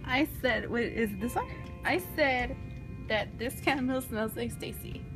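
High-voiced woman, slow and playful. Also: over music. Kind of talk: casual conversation.

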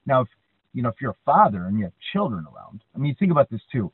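A man's voice: medium pitch, rapid-fire, breathy edge, dry recording. A man co-hosting a podcast in casual chat, telling stories and often tagging lines with "right?". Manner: chatty, frequent "right?" tags, animated storyteller. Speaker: podcast co-host. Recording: dry, tinny phone-like line.

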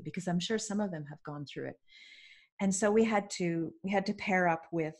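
A woman from Canada, a podcast guest and business coach, telling lively, self-mocking stories in a casual interview. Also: fairly low pitch, a little fast.

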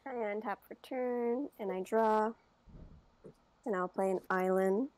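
A woman playing a card game, calmly narrating each of her moves step by step. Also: mid-range voice, unhurried, rough recording. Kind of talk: casual game-table chat.

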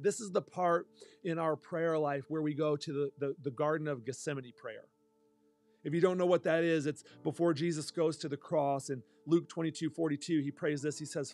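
Male pastor, sermon delivery, somewhat high voice with gravel, soft music underneath. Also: fairly even intonation, fairly quick. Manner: earnest preaching with spoken prayers and restarts.

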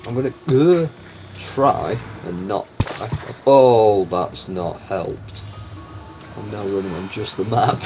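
Over game music, a man with a lowish voice takes his time narrating a let's-play for his gaming channel. The recording quality is low, and he gets excited, yelping and exclaiming whenever something happens.

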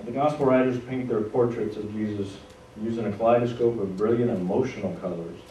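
A man's voice: on the low side, fairly quick, mellow. A man preaching a sermon as pastor, talking in a conversational way with asides to the congregation. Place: church sanctuary. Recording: echoey room, voice from a distance, faint noise.

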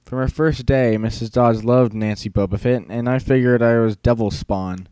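A man's voice: mid-range voice, fairly even intonation, normal speed, warm tone, smooth, dry recording. Brief: male audiobook narrator, wry first-person teller, dry close sound.

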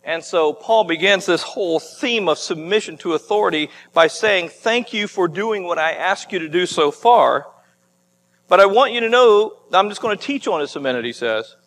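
A man's voice: high voice, animated, moderate pace, a bit bright, in a large hall. A man preaching a sermon as pastor, in a conversational style with frequent restarts and asides. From United States. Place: church sanctuary.

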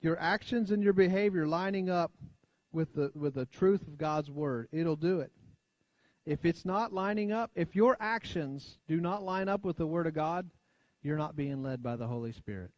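An American man preaching in a church, with a slightly high voice that sounds a little muffled and lo-fi. He talks in a chatty, conversational way, asks the congregation for amens, and sinks low and quiet on the lines he wants to stress. The sound is close and dry. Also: normal speed, no room sound. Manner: conversational preaching, frequent call-and-response asides. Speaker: pastor. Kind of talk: sermon. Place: church sanctuary. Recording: dull lo-fi church recording.

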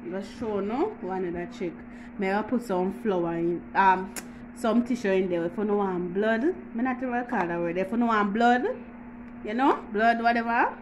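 A woman's voice: mid-range voice, normal speed, slight background noise, low-quality recording. A woman with a Jamaican accent hosting a casual home how-to vlog, chatty and teasing, with frequent laughs. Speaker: YouTuber.

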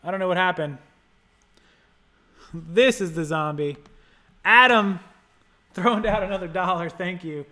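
A man with a high, bright voice hosts a casual livestream. He rambles and thinks aloud while tinkering with settings, and he stops to thank viewers for their donations. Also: unhurried, pauses often. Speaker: livestream host. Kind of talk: casual live-stream chat.

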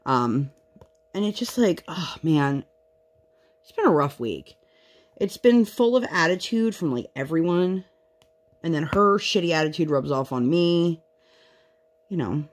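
A woman in her thirties chatting casually at home while she works on a craft project, telling candid stories and now and then putting on voices when she quotes people. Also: low voice. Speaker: craft vlogger.

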